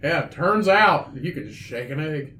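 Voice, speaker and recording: A man's voice: on the high side, expressive, unhurried, sharp tone, slight background noise. A man co-hosting a podcast in casual chat, joking and swearing as he riffs on absurd ideas. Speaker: podcast co-host. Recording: echoey room.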